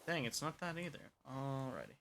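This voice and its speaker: A man's voice: medium pitch, big pitch swings, normal speed, gravelly, fairly bright tone, slight background noise. A young man chatting casually while streaming a game, rambling and poking fun at himself as he mutters along. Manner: rambling and self-mocking, mutters while playing. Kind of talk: casual gameplay chat.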